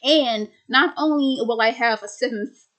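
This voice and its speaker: A woman's voice: on the high side, moderate pace, fairly bright tone, close to an everyday voice. A woman voicing a cocky male cult leader in her own voice while retelling a film, stammering and repeating words. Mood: scheming.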